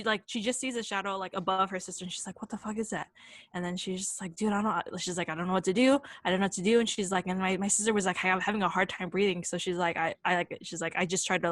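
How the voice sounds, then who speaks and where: A woman's voice: mid-range voice, fairly bright tone, no room sound, low-quality recording. Woman podcaster rambling through a spooky story, swears a lot, dry close sound. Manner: casual, swears freely, many fillers. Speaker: podcast co-host. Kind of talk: casual chat, storytelling.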